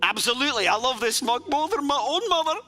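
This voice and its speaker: A man's voice: extremely high pitch, animated, fast, bright, forceful tone, soft background music. A man playing in a live tabletop role-play, joking and teasing the others. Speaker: player.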